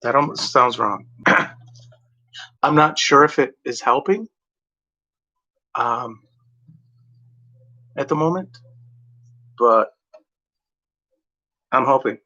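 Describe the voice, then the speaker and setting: A man's voice: mid-range voice, takes it slowly, long pauses, bright, forceful tone. A man chatting casually in a meandering way, full of "like" and "you know" and correcting himself as he goes. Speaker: vlogger. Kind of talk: casual rambling chat. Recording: dull lo-fi home recording.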